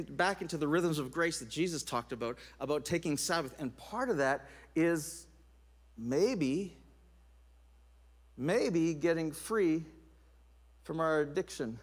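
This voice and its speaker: Male pastor, middle-aged, high voice, animated sermon storytelling. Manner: animated storytelling with laughs and restarts.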